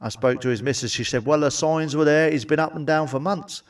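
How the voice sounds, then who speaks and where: Sweary comedian, off-mic. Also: male voice, fairly high pitch, brisk, far from the mic. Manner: blunt, sweary, asides to the audience. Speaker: stand-up comedian. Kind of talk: crude stand-up joke telling.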